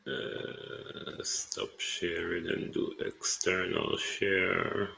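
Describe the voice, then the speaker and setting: A Jamaican man hosts a live online show, fussing aloud at his computer as he speaks to viewers. His voice sits very low with a gravelly fry, yet it carries a bright, forceful edge. He talks at an unhurried pace. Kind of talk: casual live commentary.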